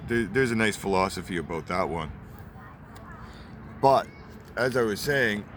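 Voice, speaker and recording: A man's voice: fairly low pitch, a bit bright. A man in his late twenties giving a heated, swearing rant, repeating himself as he goes. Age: 20s. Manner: heated, repetitive, swears often. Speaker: vlogger. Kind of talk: angry profane rant. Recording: outdoor traffic noise.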